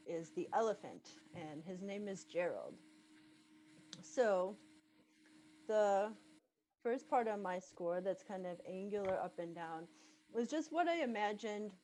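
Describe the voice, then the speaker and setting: A woman's voice: medium pitch, darkish tone, rough recording. A woman musician thoughtfully explaining her own musical score. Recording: faint background noise.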